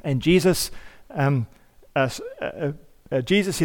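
Higher-voiced male pastor preaching in a church. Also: moderate pace, a little mellow. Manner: conversational preaching, rhetorical questions, repeats phrases. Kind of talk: sermon. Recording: long hall reverb.

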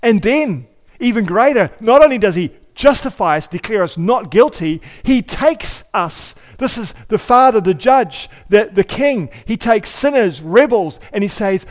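A male pastor delivers a sermon in a conversational way, with rhetorical questions and repeated phrases. His voice sits on the higher side. The sound trails off in a long church reverb. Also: expressive, a little slow.

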